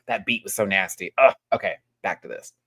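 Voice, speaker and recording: A man hosting a live reaction review, talking in an animated way and repeating words for emphasis. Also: sits low, brisk. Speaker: host.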